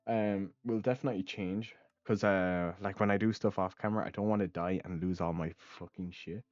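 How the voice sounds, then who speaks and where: A man's voice: deep voice, fairly even intonation, moderate pace, darkish tone, dry recording. A young man hosting a casual let's play, rambling with lots of ums and uhs and offhand swearing. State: hiccups. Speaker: gaming channel host. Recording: dull, dry lo-fi mic.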